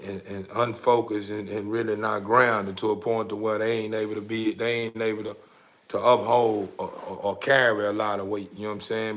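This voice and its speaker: With a lowish, fairly bright voice, this male vlogger delivers a casual but heated, preachy monologue to his audience. He swears freely and keeps stumbling over repeated words.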